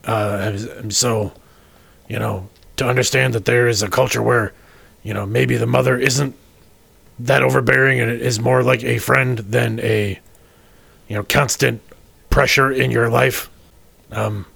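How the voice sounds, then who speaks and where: A man playing a wary male starship crewman in a tabletop role-play, talking in a halting way with many stammers and restarts. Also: medium pitch, creaky, fairly bright tone, breathy edge, no room sound, exaggerated voice. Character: wary male starship crewman, private about his mother.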